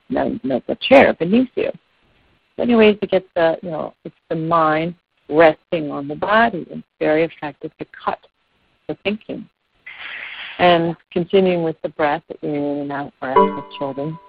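Gravelly, soothing yoga teacher. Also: mid-range voice, no room sound. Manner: soothing, unhurried, with fillers and repetitions. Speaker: children's yoga and meditation teacher. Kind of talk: calm explanatory talk. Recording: dull dry lo-fi recording.

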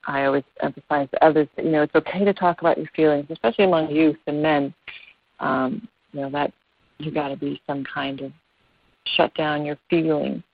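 A woman's voice: low voice, gravelly, no room sound. A woman yoga teacher giving an earnest, meandering talk over a video call, with many fillers. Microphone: phone on a video call. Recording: dry, tinny phone-like call audio.

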